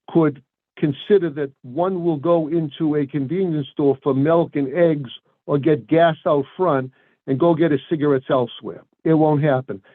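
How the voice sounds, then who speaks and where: A man from Brockton, an attorney, making a formal, deliberate address to a board, pausing often with ums and uhs. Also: a little high, no echo. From Brockton, Massachusetts. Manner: deliberate, formal phrasing with frequent hesitations. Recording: dry, tinny phone-like sound.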